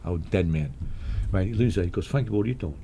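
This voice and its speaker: An older man spins a street story in a casual chat. His pitch swings freely as he acts out the voices of the people in it, and he chuckles often along the way. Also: lively intonation, fast, vocal fry, dark tone, a little hiss or hum. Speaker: guest storyteller.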